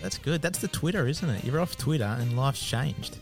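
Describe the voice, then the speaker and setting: A man's voice: mid-range voice, expressive, moderate pace, faint music behind. A young Australian man hosting a podcast, upbeat and encouraging in casual chat. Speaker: podcast host.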